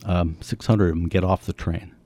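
A man in his seventies telling his family's story in a conversation, lively and acting out the voices of people he quotes. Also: low voice, normal speed, no echo. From United States. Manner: animated, acts out quoted voices.

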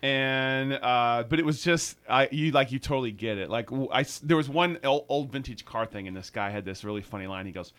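A man who is a radio personality, a guest on a talk show, joking and telling animated stories. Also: mid-range voice, brisk, few pauses. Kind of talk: casual radio chat.

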